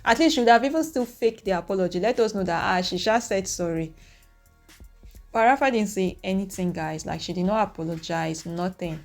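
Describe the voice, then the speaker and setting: A young woman, recapping events to her viewers in an animated, opinionated way. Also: medium pitch, brisk, creaky, faint music behind. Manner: animated, opinionated retelling with acted quotes. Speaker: reaction vlogger. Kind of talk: casual recap talking to viewers.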